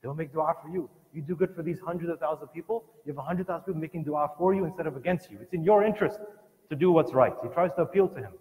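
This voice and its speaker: At a community family program, a man lectures on religion by retelling a scholar's life, earnest and emphatic and often restarting his sentences. His fairly high, slightly mellow voice races along, echoing with long hall reverb.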